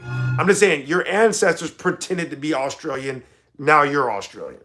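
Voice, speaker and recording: A man's voice: a little high, expressive, fairly bright tone, faint music behind. A man hosting a casual livestream, reading chat comments and answering them in an argumentative, mocking way. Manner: argumentative, mocking, drawn-out emphasis.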